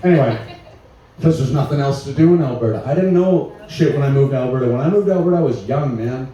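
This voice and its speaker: A man with a very dark, mellow voice works a small live room with loose, profane stand-up. He sounds a little distant from the mic, in a very echoey space with a faint hiss behind him. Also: medium pitch, fast, dull audio. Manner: loose, profane, laughing through his bits. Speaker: stand-up comedian. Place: small live venue with an audience.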